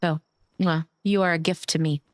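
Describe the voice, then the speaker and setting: A woman's voice: sits low, fairly even intonation, moderate pace, dry recording, studio quality. A woman streamer chatting casually while gaming, affectionate and gushing, cursing now and then.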